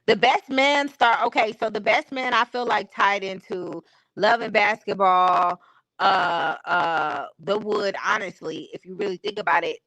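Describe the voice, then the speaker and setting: A woman's voice: mid-range voice, steady tone, measured pace, a bit bright, no echo, low-quality recording. A woman hosting a live stream, chatting casually in a candid, opinionated way with slangy everyday talk. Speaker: stream host. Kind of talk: casual chat. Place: home streaming setup.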